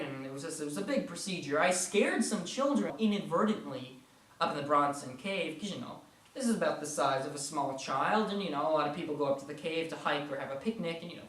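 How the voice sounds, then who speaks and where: A man's voice: a little high, fairly bright tone, reverberant. A young man giving a casual, enthusiastic tour of his puppets and posters, playful and rambling. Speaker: puppet animator showing his work. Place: room at home with posters and puppets.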